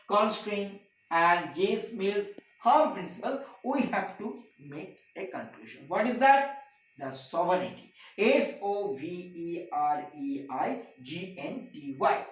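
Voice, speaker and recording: A man teaching a class, stressing points with long repeated lists and wide swings in pitch and loudness. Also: roomy sound, rough recording. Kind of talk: classroom lecture.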